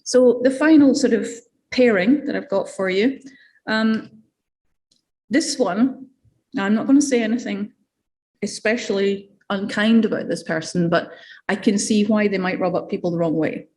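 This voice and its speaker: A woman's voice: mid-range voice, moderate pace, a little mellow. A woman with a Scottish accent giving an academic seminar talk in a conversational way, with fillers and asides. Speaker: academic lecturer.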